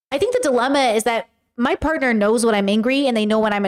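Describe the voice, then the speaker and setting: High-voiced woman rambling candidly on livestream. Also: fast. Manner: candid and rambling, swears freely, acts out her own quotes. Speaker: livestream host. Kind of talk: casual livestream chat. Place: home livestream.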